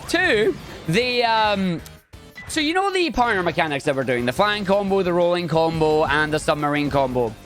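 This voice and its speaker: Hyped-up guy talking thru his speedrun, high voice, cracking jokes nonstop. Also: normal speed, faint music behind. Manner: excitable, chatty and jokey. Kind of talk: live speedrun commentary.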